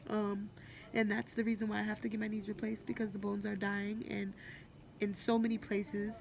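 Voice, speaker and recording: A gravelly, mid-range voice with a level tone and normal speed belongs to a woman in her late twenties. She makes a blunt, candid hospital-room vlog full of swearing, and faint hospital background noise is audible.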